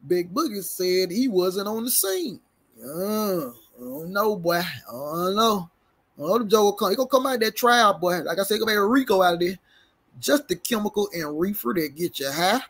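High-voiced man reacting casually. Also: normal speed, husky. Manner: animated, stumbles over big words, slangy banter with viewers. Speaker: reaction commentator. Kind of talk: casual commentary reading a report aloud.

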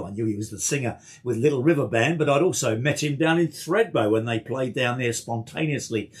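A man's voice: brisk, few pauses. A man with an English accent, presenting a radio show and telling a chatty story between songs into a studio microphone. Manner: chatty storytelling, lively pitch.

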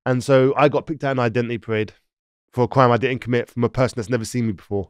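London man as podcast guest, animated street-slang storyteller, dry close sound. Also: medium pitch, racing, smooth, no echo. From London, England. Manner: animated, slangy, acts out quoted voices. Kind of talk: casual storytelling.

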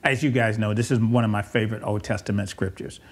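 A man preaching a conversational sermon, rambling and correcting himself, with asides and soft chuckles. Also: lowish voice, fairly even intonation, quick pace.

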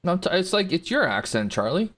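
A man's voice: high-pitched, sing-song, fairly quick, a bit bright. A man casually commentating his golf video game play, reacting to shots and talking to viewers in chat. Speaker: gaming streamer.

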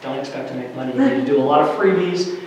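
Energetic man lecturing in an echoey hall. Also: mid-range voice, fast talker, far from the mic, slight background noise. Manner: energetic, varies loudness for emphasis, many fillers. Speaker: faculty workshop speaker. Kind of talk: lecture to faculty. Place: large lecture room. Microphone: distant room mic.

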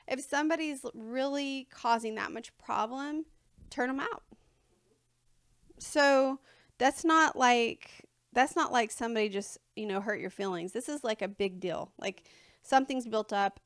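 Chatty woman preacher, slightly high voice. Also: dry recording, studio quality. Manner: chatty and informal, laughing between points. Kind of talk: conversational sermon. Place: church sanctuary before a congregation.

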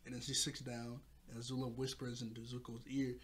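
A man's voice: mid-range voice, flat delivery, fairly quick, breathy edge. A man recapping a cartoon episode in a loose, slangy way, often laughing and correcting himself. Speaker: show reviewer.

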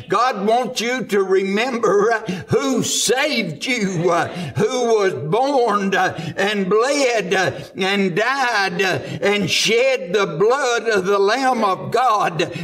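High-pitched, slow fervent Southern preacher. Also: male voice, a bit bright. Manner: fervent preaching with frequent "uh" fillers. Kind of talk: sermon. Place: church sanctuary.

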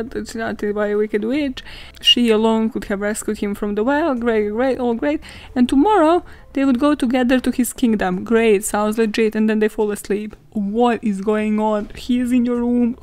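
A woman's voice: on the high side, darkish tone. A young woman hosting a podcast, retelling a fairy tale in casual, sarcastic commentary full of laughs, swearing and filler words. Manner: sarcastic, laughing often, heavy swearing, lots of "like". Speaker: podcast host. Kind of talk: casual comedic storytelling commentary.

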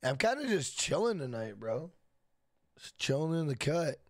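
A man's voice: fairly high pitch, big pitch swings, moderate pace, no echo. A young man streaming a game, chatting loosely with profanity, repeating himself and reading chat questions aloud. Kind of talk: casual live stream chat.

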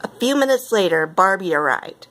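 Woman, storybook narration, gentle, even pacing. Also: medium pitch, normal speed. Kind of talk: reading a storybook aloud.

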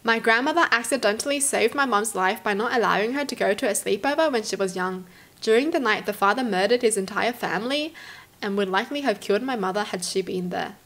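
A young woman from Australia, hosting and reading stories aloud, then reacting to them with animated exclamations. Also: mid-range voice, fast talker. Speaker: host.

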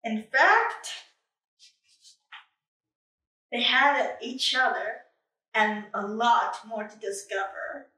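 A woman reading a children's picture book aloud, with a high, bright voice that swoops all over as she paces herself slowly. She sounds roomy and echoey, set back from the microphone. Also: far from the mic. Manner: expressive and animated. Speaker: storybook reader. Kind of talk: children's story read-aloud. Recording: echoey room, away from mic.

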